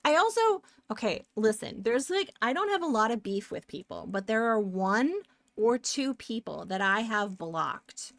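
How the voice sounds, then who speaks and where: A woman's voice: a little high, sing-song, measured pace, fairly bright tone, no room sound. A woman streaming live while she draws pixel art, chatting casually, rambling off on tangents and answering her chat.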